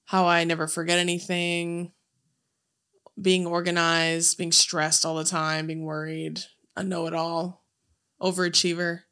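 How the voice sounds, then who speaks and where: Young woman podcast co-host, low-ish pitch, bright edgy tone, blunt and swears a lot. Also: level tone, a little slow, clean tone. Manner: blunt, outspoken, swears freely. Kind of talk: casual chat.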